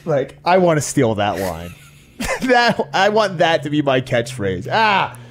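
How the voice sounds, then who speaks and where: A man's voice: fairly high pitch, wildly swooping pitch, measured pace, background noise. A man co-hosting a podcast, talking in a laid-back, chuckling way. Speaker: podcast co-host. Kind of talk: casual chat.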